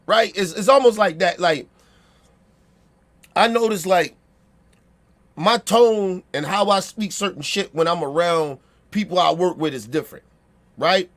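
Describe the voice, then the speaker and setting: High-voiced man with a Baltimore accent. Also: a little slow, pauses often, fairly bright tone. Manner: blunt, profane, repeats himself and asks for agreement. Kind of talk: casual opinion rant.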